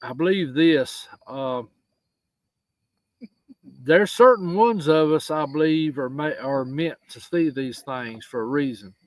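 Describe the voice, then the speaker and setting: A man hosting a live stream, talking earnestly and haltingly about faith. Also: on the high side, no echo, rough recording. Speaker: host. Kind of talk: casual live-stream conversation.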